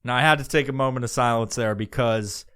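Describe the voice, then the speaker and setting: A man's voice: medium pitch, fairly quick, a bit bright, smooth. Foul-mouthed man rambling through a comic story. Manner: crude, profanity-laden, rambling. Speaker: podcast host.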